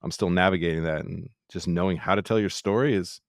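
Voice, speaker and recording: A chef on a podcast musing about himself in a rambling, self-questioning way. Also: male voice, low-pitched, quick pace, dry recording, studio quality. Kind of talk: candid podcast conversation.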